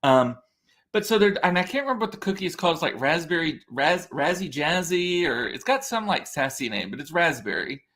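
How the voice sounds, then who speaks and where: A man's voice: a little high, big pitch swings, fairly quick, fairly bright tone. A man hosting a podcast, chatting casually and rambling, often interrupting himself as he answers viewers. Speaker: podcast host. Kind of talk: casual chat reading viewer comments.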